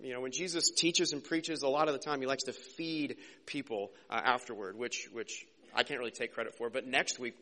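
A man preaching a casual, conversational sermon as a pastor, joking and slipping into quick character voices. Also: mid-range voice, steady tone, pushed and bright.

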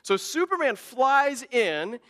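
A male pastor delivers a sermon with a high, bright, forceful voice that carries. He swings between loud emphatic bursts and quiet, almost muttered asides. The sound rings with the long reverb of a large hall. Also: big pitch swings, takes it slowly.

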